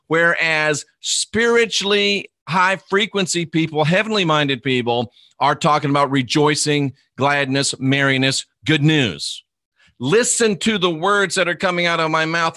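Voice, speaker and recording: Slow, bright-toned preaching man. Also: on the high side, no echo, studio quality. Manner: emphatic, repetitive preaching cadence; draws out words, spells them out. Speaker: minister. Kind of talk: preaching livestream talk.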